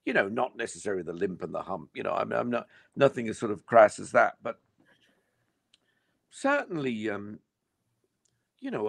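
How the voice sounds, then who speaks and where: An older English man with a very deep, heavily gravelly voice. He talks through his career in a reflective, rambling way, full of "you know" and "um". The recording is close and dry. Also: no echo. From England. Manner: reflective, rambling with many fillers. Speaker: actor guest. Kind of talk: casual interview chat.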